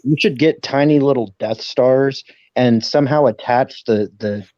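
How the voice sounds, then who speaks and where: A man on a casual live stream, jokingly pitching silly ideas to the host. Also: normal speed, a little mellow, dull audio, slight background noise. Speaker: guest.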